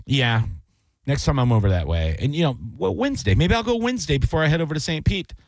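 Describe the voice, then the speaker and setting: A man's voice: on the high side, very animated, fast talker, a little mellow, no room sound. A man hosting a radio show, rambling and joking in casual banter with plenty of fillers. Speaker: radio host.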